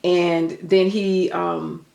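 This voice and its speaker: A woman's voice: on the low side, flat delivery, extremely slow, vocal fry, mellow, roomy sound. An older woman telling a story in an earnest, chatty way, full of faith talk. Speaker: vlogger. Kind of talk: casual storytelling.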